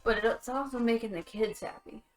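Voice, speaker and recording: A woman's voice: on the high side, steady tone, moderate pace, faint music behind, low-quality recording. A woman playing in a tabletop game, chatty and joking. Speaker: player.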